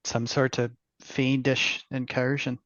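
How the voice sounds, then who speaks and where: A man's voice: medium pitch, little pitch movement, slow pace, fairly bright tone, no room sound. A man playing his character in a tabletop game, speaking tersely and grimly in few words. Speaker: player. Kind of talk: in-character tabletop role-play. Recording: dry, dull lo-fi mic.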